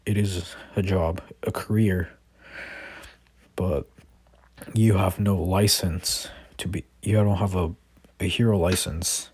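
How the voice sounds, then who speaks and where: A man voicing a calm, older male hero leader in a fan-made spoken story, reading the quoted lines in a plain, slow, husky voice. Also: low voice, no room sound, exaggerated voice.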